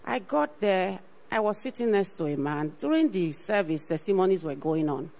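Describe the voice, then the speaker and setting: A woman's voice: on the low side, animated, normal speed, gravelly, a little mellow, rough recording. A woman, a ministry partner, gives an earnest personal faith testimony on stage, often saying "you know" and repeating herself. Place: on stage at a church program.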